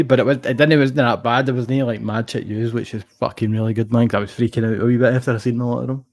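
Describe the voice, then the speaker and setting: A man's voice: medium pitch, steady tone, rapid-fire, hardly any pauses, a little mellow. A young Scottish man co-hosting a podcast, telling a long rambling story in casual chat, swearing freely. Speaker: podcast co-host.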